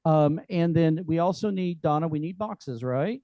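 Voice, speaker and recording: A man's voice: a little high, normal speed, hardly any pauses, mellow, no echo, low-quality recording. A man hosting a group meeting, casual, joking and folksy, with lots of fillers. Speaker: meeting host. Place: meeting room.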